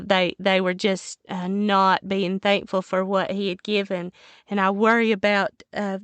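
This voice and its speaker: A woman's voice: medium pitch, fairly bright tone, smooth, dry recording. A woman podcast host reading scripture aloud and then reflecting on it in an earnest, devotional way. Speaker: Bible teacher and podcast host.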